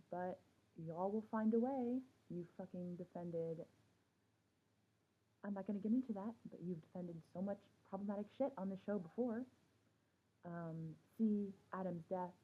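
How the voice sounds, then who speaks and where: Young woman ranting, tinny phone-like sound. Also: fairly low pitch. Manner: animated, swears a lot, sarcastic. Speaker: TV show reviewer. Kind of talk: casual ranting recap.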